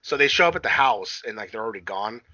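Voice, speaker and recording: A man's voice: on the low side, animated, fast, sharp tone, no echo, dull audio. A man casually recapping a film on a podcast, rambling and swearing, often acting out quotes and laughing. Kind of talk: casual chat.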